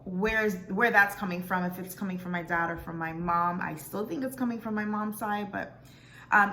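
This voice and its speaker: A young woman vlogger talks in a bright, chatty voice, stopping on ums and doubting her pronunciations. She reads aloud casually to her viewers, with faint noise behind her. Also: mid-range voice. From South Florida. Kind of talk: casual vlog, reading results aloud.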